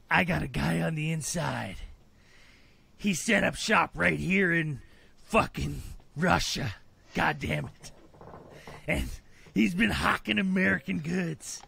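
A man voicing a gruff, constantly swearing government agent in an improvised comedy sketch. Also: fairly high pitch, sharp tone, no echo, exaggerated voice.

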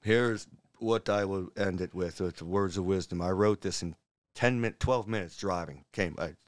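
A man who is a guest on a podcast, telling stories in a rambling, animated way. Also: sits low, normal speed, no echo. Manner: animated, jumps between stories and voices. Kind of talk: rambling storytelling interview.

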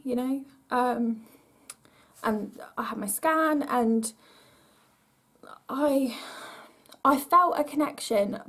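A young woman shares her own story in a personal vlog. She speaks hesitantly and emotionally, with frequent pauses and restarts. Her voice sits a little high and has a husky, breathy edge. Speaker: vlogger.

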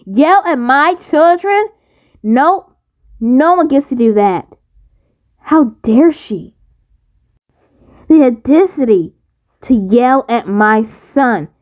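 A woman acts out an indignant mother in a homemade roleplay movie, high-pitched and slow-spoken as she scolds. The recording is dull and lo-fi, with faint music underneath. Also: big pitch swings, heavily acted. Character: angry protective mother, stern and indignant. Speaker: voice actor.

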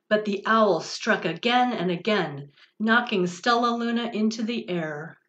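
A church's director of religious education, a woman with a medium-pitched voice, reads a picture book aloud to children gently and expressively. The recording is dull and lo-fi.

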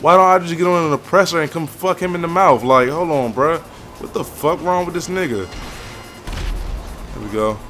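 A young man swearing and venting through gameplay commentary, with loud outbursts that sink into low, weary muttering. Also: normal speed, soft background music. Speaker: gaming YouTuber.

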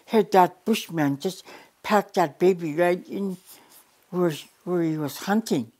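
An older woman from the Yukon with a notably low voice recounts an old family story as an elder storyteller. She speaks plainly and unhurriedly, often going back over her words and starting phrases again. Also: takes it slowly, darkish tone. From Yukon, Canada. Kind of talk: oral storytelling.

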